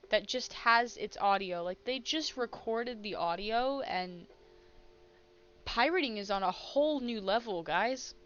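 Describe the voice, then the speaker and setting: A woman streaming a game, chatting casually and excitably, laughing and sighing as she reacts, on dull lo-fi audio. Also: mid-range voice, clean tone. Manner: excitable, laughs and sighs between lines.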